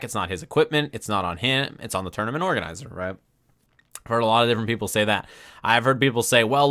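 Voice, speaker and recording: A man streaming from his desk, retelling a tournament story in casual commentary and acting out the crowd's reactions. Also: mid-range voice. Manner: animated, acts out crowd reactions with quick asides.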